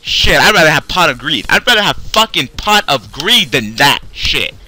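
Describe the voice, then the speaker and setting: Ranting young man, bright and swearing. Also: fairly high pitch, very animated, moderate pace, soft background music. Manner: angry, swearing, sarcastic, swinging loud to mumbling. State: tired, low on energy. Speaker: YouTube card game video host. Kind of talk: profane rant to camera.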